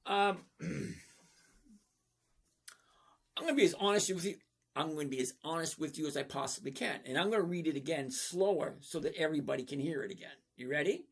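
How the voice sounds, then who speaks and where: Gravelly, husky-voiced man, blunt and folksy. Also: on the high side, a little fast. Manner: blunt, folksy, often asks okay?. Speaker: livestream host answering viewer chat about trading. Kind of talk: casual live chat.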